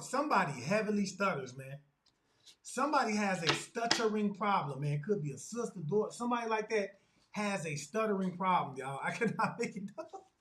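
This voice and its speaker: A man's voice: sits high, a bit bright, a little hiss or hum, rough recording. A man giving a tarot reading as a spiritual medium, talking to viewers in an emphatic, repetitive way and calling on spirit aloud between statements. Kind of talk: channel tarot reading monologue.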